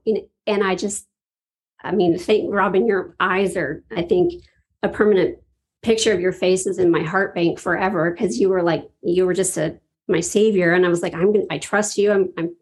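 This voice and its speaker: A woman's voice: on the low side, steady tone, moderate pace, a little mellow, slightly rough. A woman sharing a heartfelt personal story in casual talk, laughing often and acting out her own reactions.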